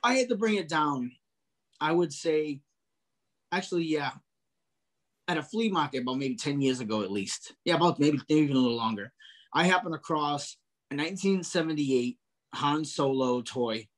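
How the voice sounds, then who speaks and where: A man co-hosting a casual collectibles chat, telling stories with lively acted-out dialogue and frequent restarts. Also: fairly high pitch, moderate pace. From New England, US. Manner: animated storyteller, acts out dialogue. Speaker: podcast co-host.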